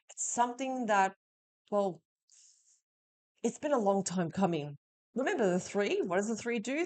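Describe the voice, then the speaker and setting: A woman's voice: medium pitch, darkish tone. A woman giving a weekly tarot reading, talking straight to the listener in a reassuring way. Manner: reassuring, addresses the listener directly. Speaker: tarot reader.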